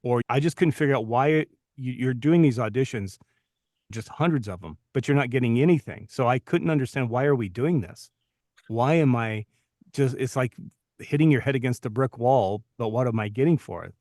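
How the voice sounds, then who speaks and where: Brief: male, 50s, podcast co-host, mid pitch, reflective storyteller, dry close mic. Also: moderate pace, a little mellow, no room sound. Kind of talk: casual podcast chat.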